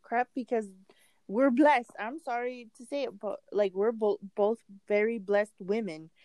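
Woman podcast host, emphatic backer of her guest, a bit high-pitched, dry close recording. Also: fairly even intonation, unhurried, a little mellow, dry recording. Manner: supportive, emphatic interjections. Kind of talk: casual podcast chat.

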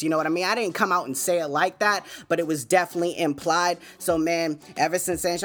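A man's voice: on the high side, fairly even intonation, quick pace, hardly any pauses, fairly bright tone. A man hosting his own podcast, telling a story in a laid-back, chatty way, full of fillers and asides. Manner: laid-back, chatty, many fillers like "man" and "you know what I'm saying". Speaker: podcast host. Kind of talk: casual storytelling monologue. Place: home.

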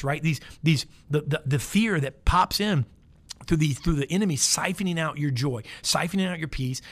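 A pastor delivering a sermon in a conversational, emphatic way, repeating words and joking in asides. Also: male voice, fairly high pitch.

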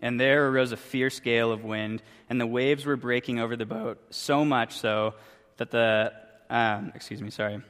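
A man's voice: mid-range voice, fairly even intonation, normal speed, a bit bright. A young man, a youth pastor, giving a casual sermon with a chatty, joking story. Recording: long reverb from a hall.

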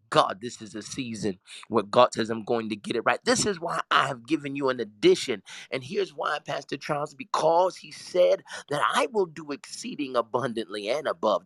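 A man's voice: medium pitch, vocal fry, a bit bright, no echo, poor audio. A man, a pastor preaching fervently, breaking into tongues and stammering repeats as he builds. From Southern US. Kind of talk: fervent preaching on a talk show.

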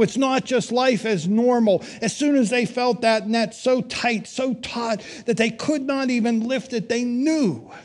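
High-voiced middle-aged pastor preaching. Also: male voice. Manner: storytelling, wry humor, emphatic pauses. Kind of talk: sermon.

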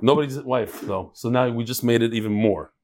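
A rabbi in a study hall teaches his daily class to a live audience, keeping things casual and bantering and joking between lessons. His medium-pitched voice is a little fast and a little mellow.

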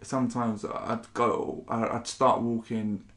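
A man's voice: medium pitch, level tone, slow pace, a bit bright. A man, a spoken word poet chatting casually and reading his poetry. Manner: swears casually, rambling, says "innit".

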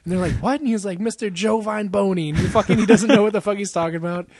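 A man's voice: high voice, rapid-fire, a little mellow, dry recording. A young man co-hosting a podcast in casual chat, rambling and profane, laughing often and acting out quotes. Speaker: podcast co-host.

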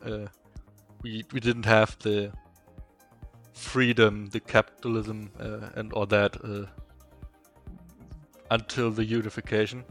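A young man from Eastern Germany with a strong German accent, a native German speaker, chatting as a podcast guest and telling stories haltingly with many fillers. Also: on the low side, little pitch movement, a bit bright, faint music behind. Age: young adult. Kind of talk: casual interview chat.

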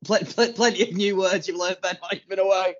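A man's voice: sits high, fairly even intonation, fast talker, a bit bright, lo-fi sound. A man hosting a casual running podcast, teasing his co-hosts and laughing often. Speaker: podcast host. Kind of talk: casual chat.

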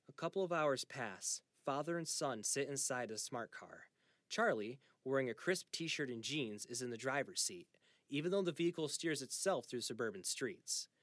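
Man narrating with a lively voice. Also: medium pitch, dry recording, clean studio sound. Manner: even, descriptive storytelling. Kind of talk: scripted narration.

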